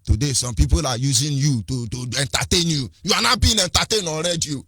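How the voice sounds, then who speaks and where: Speaking a little fast in a sharp, husky voice on the high side, a Nigerian-accented activist delivers a fiery political speech. He repeats phrases, hurls rhetorical questions and moves between languages, all in a dry, studio-quality recording.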